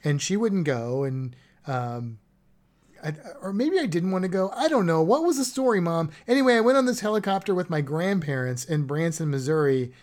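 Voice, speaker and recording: A woman's voice: low voice, lively intonation, normal speed, darkish tone. A woman chatting casually about travel plans, rambling and correcting herself as she goes. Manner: rambling, self-correcting, chuckling.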